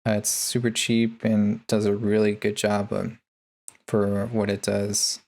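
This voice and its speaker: Laid-back gravelly man explaining plugins. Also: lowish voice, monotone, measured pace, a little mellow. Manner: laid-back, many ums and uhs. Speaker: music producer. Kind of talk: casual tutorial narration.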